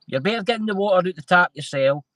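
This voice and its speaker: A Scottish man hosts a loose, casual chat show and rambles from one point to the next, often trailing off mid-sentence. His voice is bright and forward, and it sits dry and close to the mic. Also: sits high, lively intonation, quick pace, dry recording, poor audio. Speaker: host.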